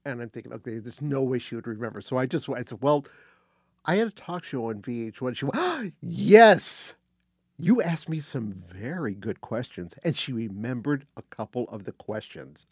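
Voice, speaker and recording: An older man telling a casual anecdote as a guest, animated, acting out quotes and restarting phrases. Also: medium pitch, brisk, slightly rough, no echo, studio quality. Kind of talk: casual storytelling.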